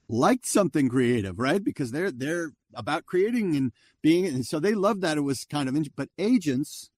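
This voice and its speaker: A man's voice: medium pitch, darkish tone, dry recording, clean studio sound. A man in his fifties, a voice actor guest, telling stories in a casual chat and acting out other people's lines as he goes. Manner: chatty, acts out others' lines as he recounts. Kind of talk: casual storytelling interview.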